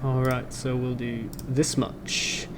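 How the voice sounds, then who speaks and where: Slow, measured male game master. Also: mid-range voice, level tone, noisy background. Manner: slow, measured scene description. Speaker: dungeon master. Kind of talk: narrating a tabletop game. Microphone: online voice call.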